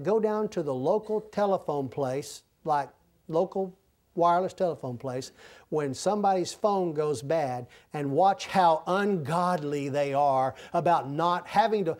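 Pastor, male, higher-pitched, folksy humorous sermon with big swings in loudness. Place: church sanctuary.

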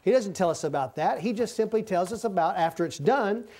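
A man teaching the Bible informally, folksy and given to halting restarts and repetition. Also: high-pitched, animated, darkish tone. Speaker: preacher.

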